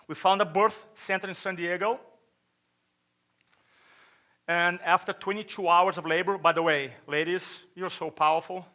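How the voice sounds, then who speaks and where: On stage at a chiropractic event, a middle-aged Brazilian man with a Brazilian Portuguese accent gives a motivational talk in a slightly high, bright, pushed voice. He tells a story from his own life, dramatizes quotes and puts questions to the listeners.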